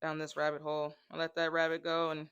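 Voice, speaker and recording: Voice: mid-range voice, monotone, quick pace, a bit bright, smooth, muffled recording. A comedic vlogger in a rambling monologue who jumps between tangents and acts out the voices of people in the stories.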